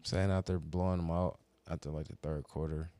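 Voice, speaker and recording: A man with a low voice joins a casual podcast chat. He chimes in with brief, slangy, teasing remarks. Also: fairly even intonation, brisk, warm tone. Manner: short teasing interjections, slangy. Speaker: podcast co-host.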